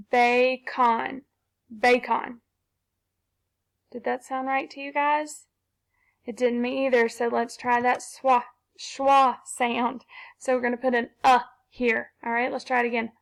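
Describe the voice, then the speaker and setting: A patient woman teacher guides young children through phonics, tapping out each sound before blending it into a word. Her voice sits high, with a gravelly edge to it, and she takes her time. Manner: slow, patient, sounding out syllables.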